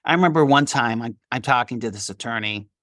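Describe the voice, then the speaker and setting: A man's voice: mid-range voice, fast, no room sound, clean studio sound. A middle-aged man, a litigation attorney, telling a story from his work in an interview and acting out the dialogue. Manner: animated, acts out quoted dialogue.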